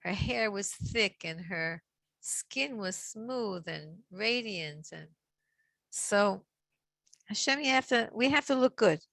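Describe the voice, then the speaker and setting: A middle-aged woman teaching a Torah class on a video call, chatty and warm, greeting each listener by name. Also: medium pitch, dry recording. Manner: reads Hebrew verses slowly for others to repeat.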